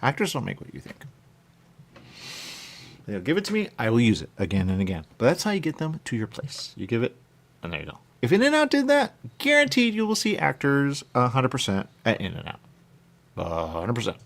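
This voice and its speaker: A man's voice: medium pitch, wildly swooping pitch, brisk, gravelly. A man hosting a talk radio show, chatting casually in a rambling way and often checking in with "okay?". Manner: chatty, keeps saying "okay?" and "there you go".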